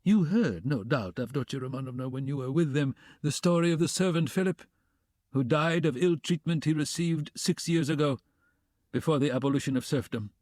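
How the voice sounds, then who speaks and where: A man reading a pompous middle-aged gentleman. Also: on the high side, a little fast, no room sound, studio quality, close to an everyday voice. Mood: formal. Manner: formal, precise, self-important. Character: stiff pompous middle-aged male suitor.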